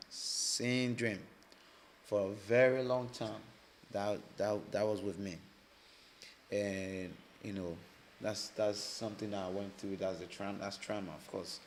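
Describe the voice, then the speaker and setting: A man from Liberia, a podcast guest telling his personal story in a halting way, often repeating words as he restarts. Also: fairly low pitch, slight background noise.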